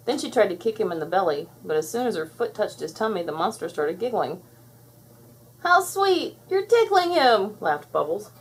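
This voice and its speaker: A woman narrating a children's storybook aloud in an expressive, clear storytelling manner. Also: on the low side, brisk, hardly any pauses, low-quality recording. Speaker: storybook reader.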